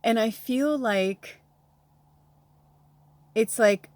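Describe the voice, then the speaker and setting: A woman's voice: fairly high pitch, very slow, a little mellow, no echo. A middle-aged woman chatting casually as a tarot reader and medium, rambling with frequent laughs, casual swearing and moments close to tears. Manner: emotional, near tears. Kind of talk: casual spiritual vlog chat.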